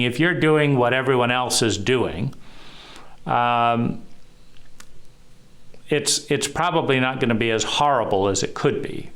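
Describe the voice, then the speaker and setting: Slow, measured man talking. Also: medium pitch, fairly bright tone. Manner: slow, measured, pausing often. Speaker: trauma educator. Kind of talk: reflective solo talk.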